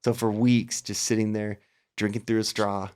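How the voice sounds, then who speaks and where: A man's voice: fairly low pitch, level tone, moderate pace, darkish tone. A middle-aged man, a podcast guest in a casual interview, telling a long story with energy and acting out his own past thoughts. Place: Las Vegas area.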